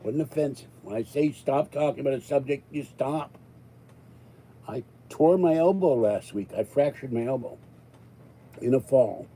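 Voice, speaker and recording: Older male livestream host, very dark tone, rambling, exasperated. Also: mid-range voice, moderate pace, slightly rough, low-quality recording. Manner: rambling, exasperated, raises voice then calms. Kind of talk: live-stream chat with viewers.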